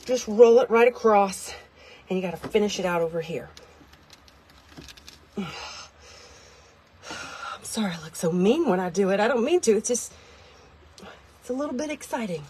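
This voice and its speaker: A woman vlogging a chatty product demo from inside a tiny car, rambling, self-deprecating and easily excited. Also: mid-range voice, moderate pace, long pauses, a little hiss or hum.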